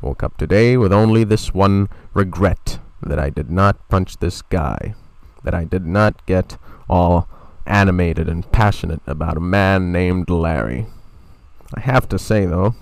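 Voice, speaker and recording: A man telling a short spoken story in a wry, deadpan, self-mocking way. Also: deep voice, unhurried, creaky, no echo. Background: soft guitar music.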